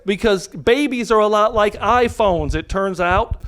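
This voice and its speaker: A man's voice: high voice, unhurried, a bit bright. A man from the United States doing a live stand-up comedy set, brash and profane, often cutting himself off mid-thought. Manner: brash, profane, self-interrupting delivery. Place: live comedy venue with audience. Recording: audience laughter cutting over the mic.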